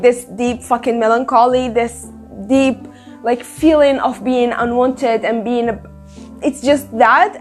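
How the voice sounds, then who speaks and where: A woman hosting a casual book review vlog, talking in an emphatic, animated way and swearing freely. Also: fairly high pitch. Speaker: book reviewer, channel host.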